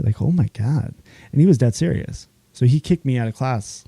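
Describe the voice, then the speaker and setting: A chef, a man, spins a story on a podcast with a gravelly, warm and mellow voice. He acts out the other people's lines as he goes and laughs easily. The sound is dry, with no room in it. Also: medium pitch, fairly quick, dry recording. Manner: animated storyteller, acts out quoted dialogue, laughs often. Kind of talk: casual interview chat.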